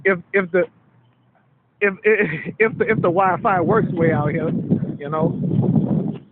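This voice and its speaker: A man's voice: sits high, takes it slowly. Breathless man, rambling. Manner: rambling, repeats words, many fillers. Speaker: vlogger giving a walking tour. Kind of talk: casual walking vlog narration. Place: outdoors at a park sports field. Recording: tinny lo-fi phone-like audio with loud noise.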